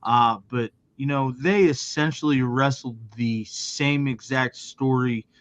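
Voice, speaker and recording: Measured man on a dull mic. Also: mid-range voice. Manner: measured, many fillers. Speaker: podcast co-host. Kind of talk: casual chat.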